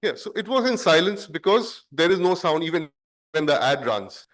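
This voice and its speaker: A man giving a conference presentation, speaking in a measured, explanatory way and stressing words for effect. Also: a little high, big pitch swings, fairly bright tone.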